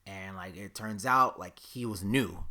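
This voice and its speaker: Young man, low-pitched, animated swearing podcast storyteller who voices both sides of the conversation. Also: measured pace. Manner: animated, profane, acts out quoted dialogue. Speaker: podcast host. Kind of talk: casual storytelling monologue.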